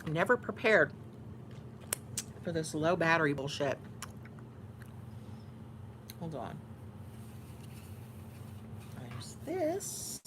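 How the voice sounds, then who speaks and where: Texan woman YouTuber, slow and low, mock-bossy chat between bites. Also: sing-song, background noise. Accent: Texan Southern. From Houston, Texas. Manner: chatty, teasing and mock-bossy. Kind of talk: casual mukbang chat while eating.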